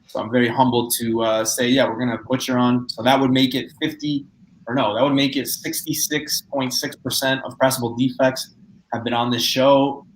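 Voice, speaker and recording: A man's voice: medium pitch, level tone, normal speed. A man hosting a casual live-stream chat, loose and chatty with lots of fillers. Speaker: podcast host. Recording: echoey room with faint noise.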